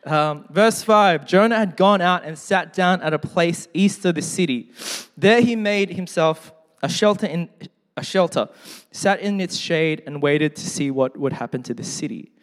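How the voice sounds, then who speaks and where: Male pastor, slightly high voice, casual preaching with jokes, scripture readings, echoing church hall. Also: moderate pace. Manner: conversational, joking asides; reads scripture aloud. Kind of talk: sermon. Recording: long hall reverb.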